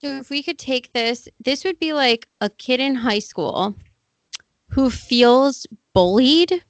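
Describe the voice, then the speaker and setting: A woman's voice: high voice, animated, takes it slowly, dry recording. A woman co-hosting a podcast in casual chat, making wry, crude jokes. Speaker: podcast co-host.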